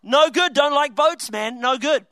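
A young man preaching a comedic sermon, telling a story with laughs and quick asides. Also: extremely high pitch, pushed and bright, no room sound.

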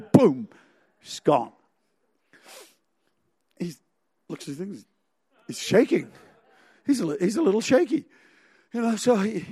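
A man's voice: sits high, breathy edge, no room sound. A man preaching a sermon, telling a story animatedly with sound effects and chuckles.

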